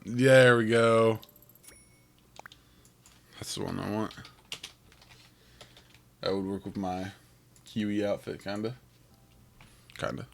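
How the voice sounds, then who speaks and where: A man with a lowish, gravelly voice, still rough from waking up, talks his way through a game. He rambles and thinks out loud in a relaxed way. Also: a little hiss or hum. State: rough morning voice. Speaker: game streamer. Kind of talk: casual gameplay commentary.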